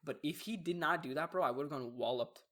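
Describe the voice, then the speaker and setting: Young male co-host with a slightly high voice; laid-back, slangy storyteller. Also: quick pace. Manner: relaxed, reacts with short remarks, laid-back slang. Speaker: podcast co-host. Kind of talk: casual chat.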